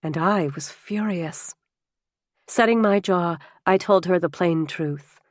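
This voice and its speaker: A woman reading a first-person novel as an audiobook narrator, with expressive, emotional storytelling. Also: fairly low pitch, slow, dry recording, clean studio sound.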